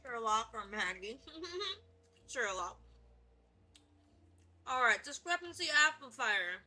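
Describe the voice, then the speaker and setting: Bright, husky, goofy woman streamer. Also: fairly high pitch, big pitch swings, slow pace. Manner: goofy, theatrical, drops to whispers and jumps to shouts. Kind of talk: playful gaming commentary.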